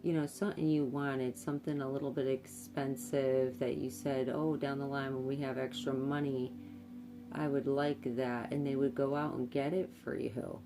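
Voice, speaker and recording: A woman's voice: extremely low pitch, little pitch movement, normal speed, music in the background. A woman giving a tarot reading, speaking hesitantly with many fillers and repeated words. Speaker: tarot card reader. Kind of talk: intuitive tarot reading to camera.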